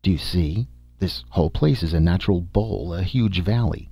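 A man voicing a blunt, impatient male explorer in a storybook reading, with a husky voice. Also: sits low, normal speed, warm tone, dry recording, exaggerated voice. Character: tall blond man, gruff and impatient.

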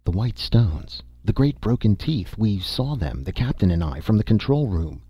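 Brief: man reading as a composed woman spacefarer, calm and wry, husky, lifted above his own deep voice, dry dull recording. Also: normal speed, no echo.

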